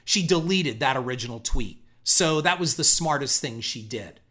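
A man's voice: mid-range voice, expressive, normal speed, bright, forceful tone. A man giving a ranting, profane commentary, sarcastic and scornful, hammering his points with repetition. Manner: emphatic, punchy repetition.

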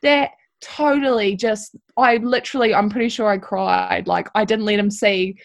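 A woman's voice: medium pitch, steady tone, moderate pace, vocal fry. A young woman, an apprentice telling a candid, emotional personal story full of "like" and "you know.". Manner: candid and heartfelt, with lots of fillers like "like" and "you know". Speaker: apprentice tradesperson, guest.

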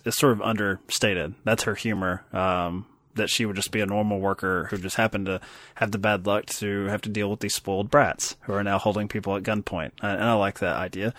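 A man's voice: fairly low pitch, a bit bright, dry recording. A man in his thirties co-hosting a casual movie chat, rambling and self-deprecating, laughing often. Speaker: podcast co-host.

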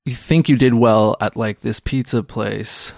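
A man's voice: mid-range voice, a little slow, vocal fry, dry recording, studio quality. A man in his thirties, a stand-up comedian guest, chatting casually and animatedly, acting out quoted voices as he tells stories. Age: 30s. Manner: animated storyteller who acts out quoted voices. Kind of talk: casual podcast interview.

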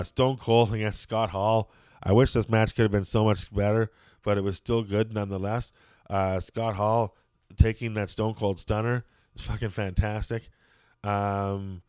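A man's voice: fairly low pitch, darkish tone, smooth, no echo, clean studio sound. A man chatting casually and opinionatedly as a show host, rambling with lots of fillers and some swearing.

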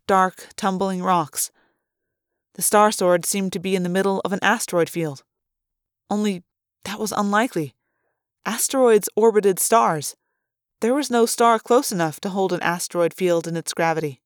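A woman's voice: mid-range voice, smooth, dry recording. Woman reading a novel, dry sound. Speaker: audiobook reader.

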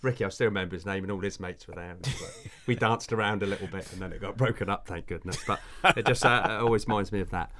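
A man rambles quickly through memories in a casual film chat, full of fillers and hesitations. His voice is set low and his pace is fast. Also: pushed and bright.

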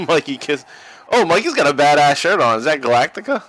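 A man's voice: fairly high pitch, very animated, brisk, a bit bright. A man co-hosting a podcast, calling a wrestling match in a crude, joking way and laughing often. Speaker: podcast co-host watching wrestling. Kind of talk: casual watch-along commentary.

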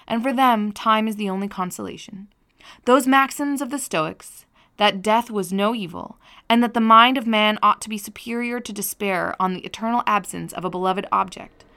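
A woman reading the part of a gentle, sympathetic young man consoling a grieving friend, in a tender, consoling manner. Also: mid-range voice, moderate pace, vocal fry.

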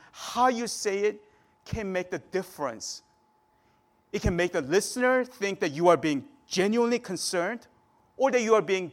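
Preacher, male, relaxed talk-style sermon, fairly high-pitched, casual pulpit delivery. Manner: conversational preaching, frequent "right?" tags.

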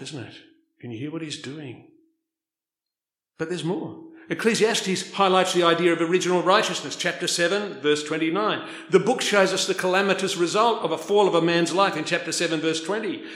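A man delivers a sermon with emphatic bursts and then drops into hushed asides. His voice sits a bit high for a man. The sound carries a noticeable room echo. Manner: emphatic, rising and dropping between loud stresses and soft asides. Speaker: preacher.

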